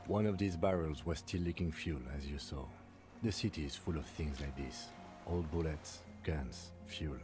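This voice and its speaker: A man voicing a reserved police lieutenant in a game, calm and matter-of-fact. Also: a bass voice, normal speed. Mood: dry. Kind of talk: game dialogue voice acting. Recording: game audio with loud music.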